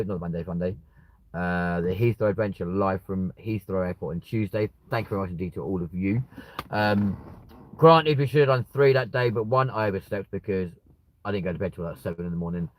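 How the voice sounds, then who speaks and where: A man, hosting a livestream and chatting casually with viewers, rambling and swearing with sudden bursts of excitement. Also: sits low, dry recording, rough recording. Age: 20s. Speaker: livestream host. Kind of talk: casual live chat reading viewer comments.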